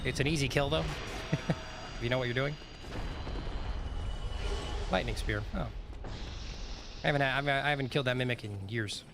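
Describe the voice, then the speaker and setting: A man's voice: mid-range voice, moderate pace, gravelly, long pauses, over music. A man streaming a game live, talking casually to his chat in a rambling, chatty way with many fillers.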